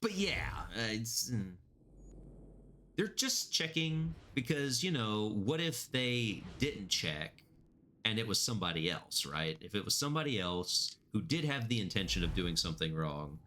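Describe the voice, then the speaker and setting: A man's voice: fairly low pitch, big pitch swings, measured pace, bright, forceful tone, a little hiss or hum. A man chatting casually while streaming a game, rambling and laughing often. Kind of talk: casual gameplay commentary.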